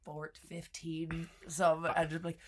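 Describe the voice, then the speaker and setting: A woman guest in casual chat, animated, jumping in with quick interjections and laughs. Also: deep voice. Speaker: band member, guest.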